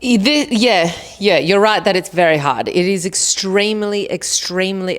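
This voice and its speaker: A woman's voice: fairly low pitch, a bit bright. A woman hosting a podcast, giving blunt, casual advice with plenty of swearing and sarcasm. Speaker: podcast host answering listener questions.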